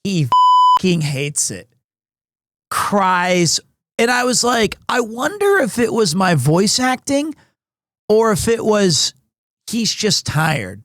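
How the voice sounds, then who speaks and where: A man live-streaming from home, chatting casually with his viewers in a rambling, excitable, self-deprecating way. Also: high-pitched, slow pace, long pauses.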